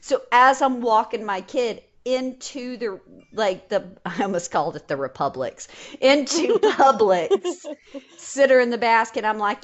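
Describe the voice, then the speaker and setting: A woman with a Texas accent hosting a history podcast, chatting casually and telling stories in an animated way. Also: on the high side, a little slow, lo-fi sound. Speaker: podcast host. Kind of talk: casual chat.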